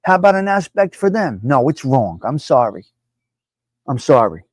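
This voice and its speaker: A man's voice: medium pitch, very animated, normal speed, no room sound. A man from New Jersey with a New Jersey accent, hosting a live stream and talking bluntly, repeating himself for emphasis. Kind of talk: casual opinionated live stream talk.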